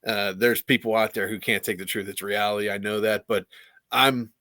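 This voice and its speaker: A man's voice: lowish voice, steady tone, moderate pace, sharp tone, no room sound, studio quality. A man who is a pro wrestler and trainer, telling stories as a podcast guest in a blunt, candid way with plenty of swearing. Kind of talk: casual interview storytelling.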